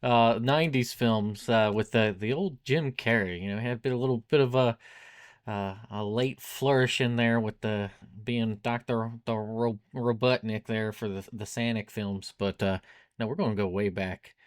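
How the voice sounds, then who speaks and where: A man's voice: on the low side, steady tone, normal speed, no echo, studio quality. A man around forty in casual podcast chat, talking with many hesitations and restarts. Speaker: podcast co-host.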